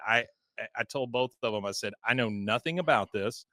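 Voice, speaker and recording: A man hosting a podcast, telling stories in a casual, animated way with lots of fillers. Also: medium pitch, fairly quick, no echo. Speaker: podcast host.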